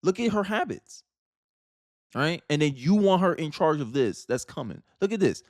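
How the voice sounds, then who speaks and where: A man's voice: on the high side, very animated, normal speed, darkish tone, dry recording, clean studio sound. A man from Florida hosting casual political commentary, talking emphatically with slang and frequent restarts.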